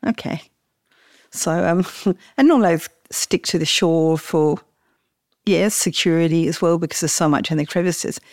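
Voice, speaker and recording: A woman's voice: lowish voice, no echo, studio quality. Laughing woman telling a snorkel story. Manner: animated, laughs often while telling. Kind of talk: casual spoken storytelling.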